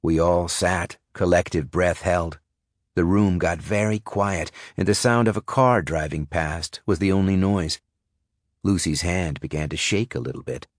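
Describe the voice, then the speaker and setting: A man reading a thriller audiobook in first person, measured and suspenseful. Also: low voice, dry recording, clean studio sound. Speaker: audiobook narrator. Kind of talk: scripted audiobook narration.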